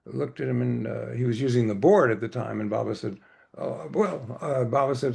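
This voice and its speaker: A man's voice: medium pitch, a little fast, creaky, a little mellow, breathy edge. A man telling a story at a devotional gathering in a rambling way, with many fillers and restarts. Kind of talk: anecdotal storytelling presentation.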